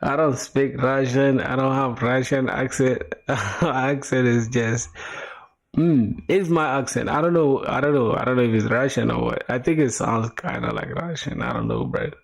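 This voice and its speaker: A relaxed young man talking live to his chat while he codes. He keeps his voice at an ordinary middle pitch and drops easy slang as he reacts to viewers. He explains things on the fly, restarting and filling pauses as he thinks. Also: gravelly. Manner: laid-back, slangy, calls viewers bro and my boy. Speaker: coding livestreamer. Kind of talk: casual live-stream chat.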